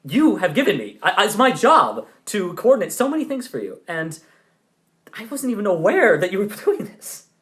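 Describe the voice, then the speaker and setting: A man voicing a stern, overworked female assistant who speaks in a hushed, flustered way. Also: sits high, big pitch swings, moderate pace, voice pushed up. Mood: frustrated.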